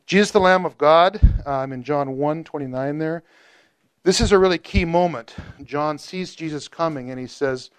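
A man teaching a Bible study group in a casual, animated way, joking and asking questions. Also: a little high, moderate pace, clean tone.

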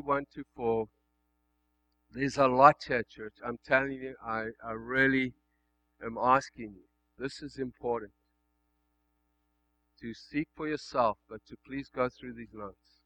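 A male pastor delivering a sermon, swinging between loud emphatic passages and hushed, quiet ones. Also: mid-range voice, dull audio.

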